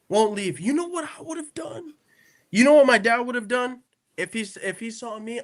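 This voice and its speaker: A man's voice: very high voice, normal speed. A man telling stories on a casual podcast, acting out the people in them and tagging lines with "right?" and "okay?". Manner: animated storyteller who acts out quotes; peppers speech with "right?" and "okay?". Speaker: podcast co-host.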